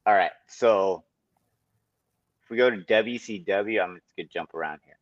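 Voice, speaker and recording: A man with a lowish voice telling fight stories in a loose, animated way, swearing freely. The sound is dry and a bit dull, like a lo-fi recording with no room around it. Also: moderate pace, no echo. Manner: animated storytelling, swears often. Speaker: guest, kickboxer and Muay Thai instructor. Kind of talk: casual podcast chat.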